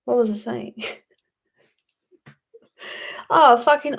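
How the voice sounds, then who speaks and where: A woman's voice: a little high, moderate pace. A woman hosting a casual livestream, rambling, swearing freely and answering chat. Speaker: YouTube livestream host.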